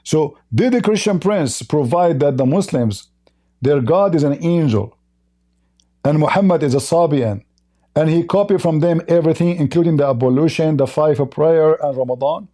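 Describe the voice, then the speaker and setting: A combative male debater who mocks and insults his opponent in non-native English. His voice sits a little high but has a mellow, warm tone. He reads quoted lines aloud in changing voices. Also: normal speed. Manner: combative and mocking, with blunt insults. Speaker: religious debater. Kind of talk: heated debate.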